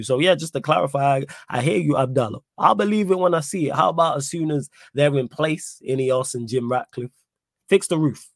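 A young man hosting a casual live-stream podcast, talking in an animated, slangy way and repeating his points for emphasis. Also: mid-range voice, brisk, no room sound, clean studio sound. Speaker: podcast host reading live chat.

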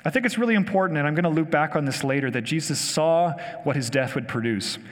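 A man's voice: on the high side, quick pace. A man preaching a conversational sermon, enthusiastic and asking his listeners questions. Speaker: pastor. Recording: long hall reverb.

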